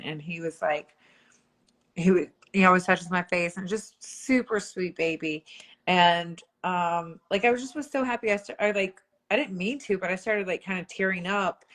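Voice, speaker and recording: A woman's voice: fairly low pitch, a bit bright. A young woman, a former reality show contestant, chatting casually on a livestream, rambling with lots of fillers and laughing often. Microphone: phone.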